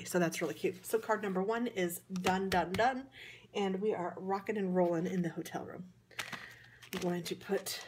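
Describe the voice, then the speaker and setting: A medium-pitched woman with a Midwestern accent, from the American Midwest, chats casually over a noisy background while walking through a card-making tutorial in a hotel room. This craft vlogger rambles, stays chatty, and pokes fun at herself.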